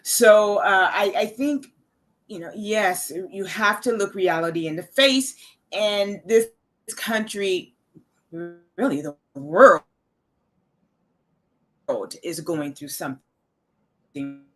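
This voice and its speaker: A woman's voice: medium pitch, slow, soft background music. Earnest woman guest on a panel chat. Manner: earnest, repeats words when starting. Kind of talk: casual panel discussion.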